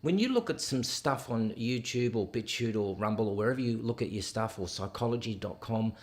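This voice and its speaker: Animated man hosting a podcast. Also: lowish voice, fairly quick. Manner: animated, teasing, jokey. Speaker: podcast host. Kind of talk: casual interview chat.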